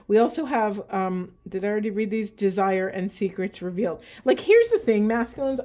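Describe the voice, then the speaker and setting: Woman, card reader, mellow and warm, earnest and impassioned delivery, addressing viewers directly. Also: mid-range voice. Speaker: spiritual tarot reader. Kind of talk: oracle card reading to camera.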